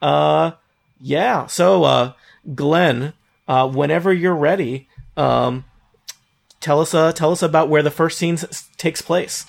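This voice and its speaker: A man's voice: fairly high pitch, slow, creaky. A man hosting a tabletop role-play podcast as game master, explaining rules in a chatty way. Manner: chatty, many fillers and restarts.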